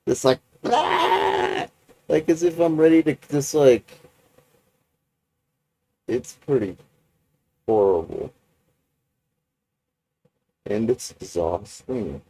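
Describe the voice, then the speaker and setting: A man recording a personal video journal, talking in a halting, rambling way with many restarts and fillers. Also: mid-range voice, mellow, no room sound, rough recording.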